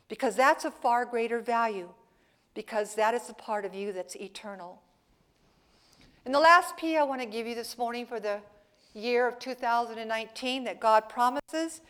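A woman pastor preaching a sermon in church, swinging between soft, playful asides to the congregation and loud, emphatic passages. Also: fairly high pitch.

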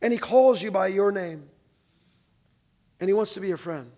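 A man preaching a sermon as pastor in a casual, conversational way, calling on the congregation to answer and dropping from loud emphasis to soft, quiet lines. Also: sits high, moderate pace.

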